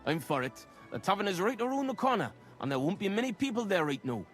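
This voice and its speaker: An actor voicing a jolly young village ringleader, lively and quick to laugh. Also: male voice, high-pitched, faint music behind.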